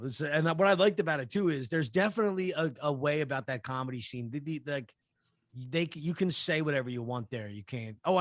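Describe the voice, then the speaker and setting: A man's voice: mid-range voice, a bit bright, no room sound, clean studio sound. A man co-hosting a podcast, telling a story in casual chat, rambling with lots of fillers, restarts and swearing. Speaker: podcast co-host.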